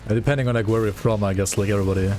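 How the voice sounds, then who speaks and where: A man's voice: on the low side, fairly even intonation, very fast, darkish tone, soft background music. A man with a German accent, lightly touched by Swedish, chatting casually while playing a game, full of fillers and "right?". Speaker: gaming streamer. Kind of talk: casual gameplay commentary.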